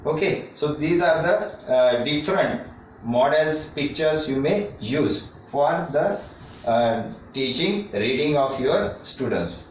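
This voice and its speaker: A man teaching a classroom lecture on reading methods, talking slowly and repeating himself, with many fillers and restarts. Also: on the high side, expressive, far from the mic, a little hiss or hum. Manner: slow and repetitive, with frequent fillers and restarts. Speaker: teacher educator. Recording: echoey room, speaker away from the mic.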